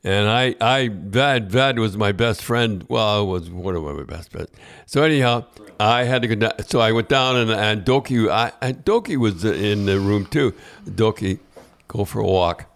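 A man's voice: lowish voice, moderate pace, creaky, fairly bright tone. An older man hosting a podcast, telling long, rambling anecdotes full of restarts and repeated words. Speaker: podcast host. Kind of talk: casual storytelling chat.

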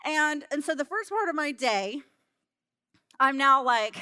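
A woman delivers a sermon built on a personal story, candid and self-mocking with laughs along the way. Her voice sits high and rings bright. The sound is close and dry. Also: lively intonation, measured pace, long pauses, dry recording. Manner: laughs between lines. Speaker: church speaker.

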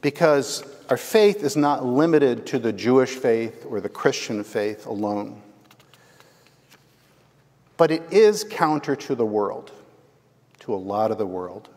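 A man's voice: mid-range voice, slow, pauses often. A male pastor preaching a sermon in a conversational storytelling manner, often checking in with the congregation. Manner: conversational, animated, asks the congregation "right?". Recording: long reverb from a large hall.

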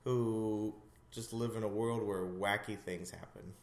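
A man's voice: lowish voice, steady tone, unhurried. Easygoing man rambling about TV shows. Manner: easygoing, rambling, trails off softly at sentence ends. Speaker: podcast co-host. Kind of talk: casual movie chat.

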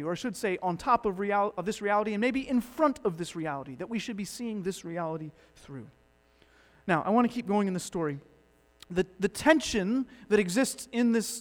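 High-voiced pastor in a reverberant hall. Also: male voice. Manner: dynamic, swinging from loud emphatic to hushed. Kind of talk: sermon.

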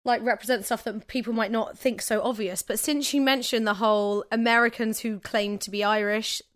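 A woman's voice: a little high, steady tone, normal speed, a bit bright. A woman with a London accent co-hosting a casual podcast, gushing enthusiastically and laughing often as she rambles. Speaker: podcast co-host.

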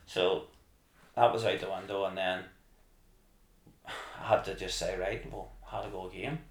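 A man telling a rambling, animated story as a podcast guest. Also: low-pitched, unhurried, creaky. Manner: animated, rambling, acts out his own excited shouting. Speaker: podcast guest, marathon runner. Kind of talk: casual storytelling. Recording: echoey room.

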